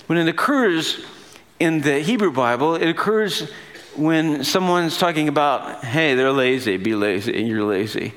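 A man's voice: on the high side, a bit bright. A man giving a sermon in a casual, playful teaching manner, laughing as he explains. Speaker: pastor.

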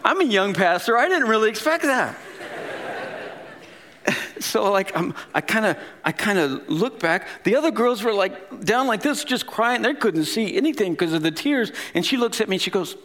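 A pastor in his fifties giving a sermon, telling a story in a conversational, animated way with casual asides. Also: high-pitched, normal speed, a little hiss or hum.

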